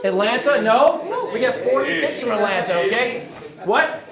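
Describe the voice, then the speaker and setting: A man giving an energetic, joking presentation to a room of prospective camp staff, often turning to the audience with questions. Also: very high voice, moderate pace, vocal fry, a crowd in the background. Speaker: camp director recruiting staff. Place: lecture room. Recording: roomy hall echo.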